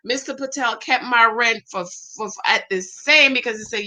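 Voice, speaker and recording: Middle-aged woman, live-stream co-host, bright tone, chatty and animated with her audience. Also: a little high, normal speed, few pauses. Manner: animated, talks back to viewers' comments. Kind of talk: casual live-stream chat.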